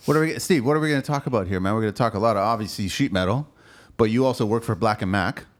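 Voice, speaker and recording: A man's voice: fairly low pitch, very fast. Easygoing male podcast host in his forties. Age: 40s. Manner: easygoing, laughs readily, says "man" a lot. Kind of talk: casual chat.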